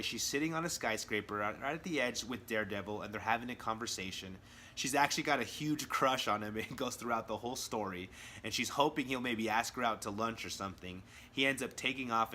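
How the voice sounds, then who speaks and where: Guy reviewing comics on his channel, bright forceful voice, super into it, chatty. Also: mid-range voice, a little hiss or hum. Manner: enthusiastic, acts out quotes in character voices. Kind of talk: casual video review.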